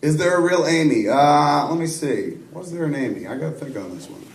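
A man's voice: a little high, expressive, fairly quick. A man, answering audience questions in a rambling, profane, self-deprecating storytelling style. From suburban New Jersey. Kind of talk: live Q&A storytelling. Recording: echoey room from a distant mic.

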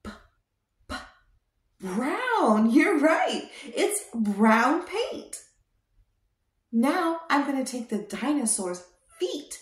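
A young woman hosting a toddler show, talking in a slow, exaggerated sing-song way to teach small children. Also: high voice, big pitch swings. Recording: roomy echo.

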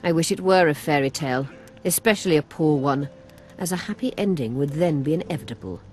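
An actor playing a learned male healer mage who talks in a formal, measured, explanatory way in a fantasy video game. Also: fairly high pitch, darkish tone, lightly acted.

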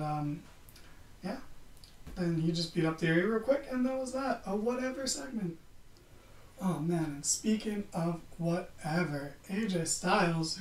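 Sarcastic man in a roomy room. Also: on the high side. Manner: sarcastic, swears freely. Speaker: podcast host. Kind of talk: casual wrestling recap. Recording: roomy, distant from the mic.

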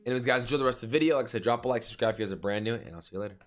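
Young man, gaming streamer, slangy hyped commentary, mid-pitched voice, faint music behind. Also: very fast. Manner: slangy, hyped, talks straight to chat. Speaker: gaming streamer and video host. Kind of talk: casual gameplay commentary.

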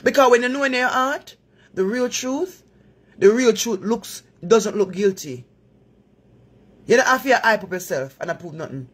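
Jamaican woman, husky, preachy live-stream host advising viewers. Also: fairly high pitch, expressive, normal speed, long pauses. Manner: earnest, advising, in patois-laced talk.

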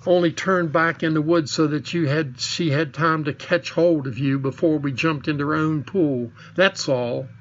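A man's voice: on the high side, normal speed, hardly any pauses, lo-fi sound, slight background noise, lightly acted. A man reading the part of a proud young girl who speaks coolly and sarcastically. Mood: tart. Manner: sarcastic, cool. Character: sharp-tongued young girl, sensible and proud.

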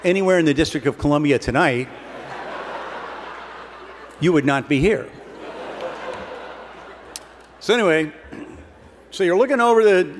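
Wry man telling a comic story. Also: fairly high pitch. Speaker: humorist keynote speaker. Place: large hall before an audience. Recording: long hall reverb, faint background noise.

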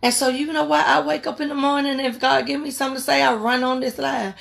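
Fervent woman preaching, higher voice. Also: fairly even intonation, quick pace, creaky, a bit bright. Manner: repetitive, exhorting, fervent. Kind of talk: impassioned sermon on a prayer line.

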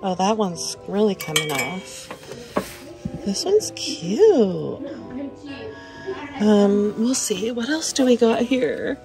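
A woman chatting casually in a shopping vlog, excited and gasping as she browses a store, with music playing behind her. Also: mid-range voice, takes it slowly, pauses often. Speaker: thrift reseller vlogger.

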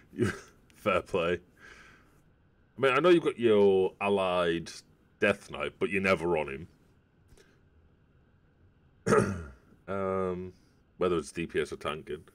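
A man's voice: low-pitched, slow, long pauses. A man streaming a video game, chatting in a rambling, casual way to viewers as he plays. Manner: rambling, chatty, talks to viewers while playing. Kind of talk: casual gameplay commentary.

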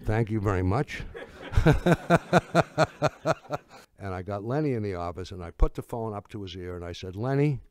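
Older man, low voice, anecdotal talk, halting restarts, wry humor, dry close sound. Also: lively intonation, dry recording. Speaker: speaker giving a talk.

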